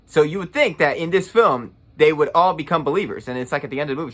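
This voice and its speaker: A man's voice: fairly high pitch, lively intonation, fast talker, few pauses, fairly bright tone, slight background noise. A young man giving a casual, blunt and profane movie review rant, full of sarcasm.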